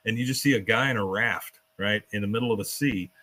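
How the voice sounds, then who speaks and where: A man hosting a podcast, casually retelling a cartoon episode scene by scene, swearing and dropping into quick character voices. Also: mid-range voice, fairly even intonation, sharp tone. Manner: swears casually and laughs while telling. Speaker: podcast host recapping an episode. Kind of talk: casual chat.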